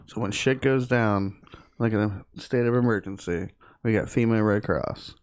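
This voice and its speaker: A man co-hosting a podcast in casual chat, laughing often and tossing in quick quips. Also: on the low side. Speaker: podcast co-host.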